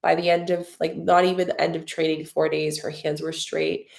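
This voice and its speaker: A woman's voice: low-pitched, level tone, moderate pace, creaky, a little mellow. A woman hosting a live stream, answering viewer comments in a loose, rambling way, effusive and openly emotional with lots of gratitude. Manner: loose, rambling with many fillers. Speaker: spiritual mentor and channel host.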